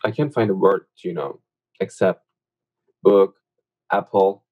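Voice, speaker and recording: A young man with a somewhat low voice teaches Turkish verbs in a relaxed, unhurried online lesson. His first language is Turkish, and his explanations wander through fillers and self-corrections. Keyboard typing clicks now and then behind him. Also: lo-fi sound. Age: young adult. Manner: informal, many fillers, corrects his own slips.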